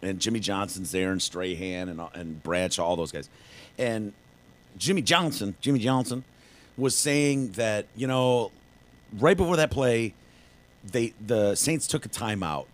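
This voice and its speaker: A man's voice: on the low side, unhurried. Chatty man hosting a podcast. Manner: rambling, chatty, many fillers and restarts. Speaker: podcast host. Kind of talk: casual sports chat.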